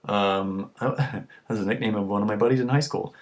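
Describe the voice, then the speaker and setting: A man's voice: fairly low pitch, normal speed. A tipsy man talking to camera in a rambling, crude rant full of swearing. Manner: crude, ranting, swears constantly. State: tipsy from drinking. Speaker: vlogger. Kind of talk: rambling profane monologue to camera.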